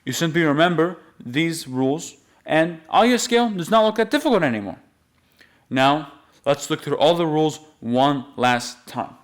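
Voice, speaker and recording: Man, music teacher, patient explanations, slowly sung note names, fairly high voice. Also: animated. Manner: patient, explains rules then sings the notes slowly.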